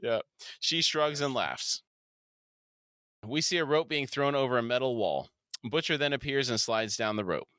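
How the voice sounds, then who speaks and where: Male podcast co-host with a bright, crisp voice, recapping scenes on a dry close mic. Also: medium pitch, expressive, moderate pace, no room sound. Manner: narrates scenes, laughs easily. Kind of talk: casual recap of a TV episode.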